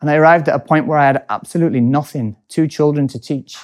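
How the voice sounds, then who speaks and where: A man hosting a casual chat, telling a personal story in an animated way, laughing often and speeding up in bursts. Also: fairly high pitch, fast talker.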